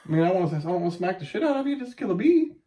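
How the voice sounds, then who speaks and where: Speaking in a high, rapid-fire voice, a podcast host in his late thirties spins profane, animated stories during a casual chat. He curses a lot and yelps the quoted lines.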